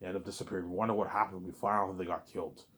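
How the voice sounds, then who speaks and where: A man hosting his own listening series, talking in a rambling, excited way, stumbling over repeated words and often asking "you know what I'm saying". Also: deep voice, rapid-fire. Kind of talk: rambling casual monologue.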